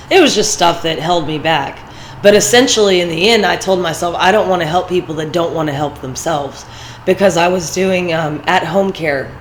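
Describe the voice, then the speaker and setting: A woman's voice: lowish voice, slight background noise, rough recording. A woman with a congested voice, rambling and personal as she gives casual motivational talk in a vlog, with fillers between her thoughts. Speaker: vlogger.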